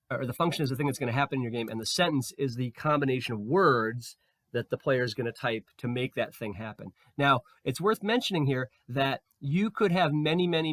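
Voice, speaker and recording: A man with a slightly hoarse voice walks through a coding tutorial, thinking aloud with fillers and restarts. He sits close to the mic in a dry room and talks at an ordinary, middle pitch. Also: a bit bright, no room sound. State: slightly hoarse, losing his voice. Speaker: programming tutor. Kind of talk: screen-recorded coding tutorial.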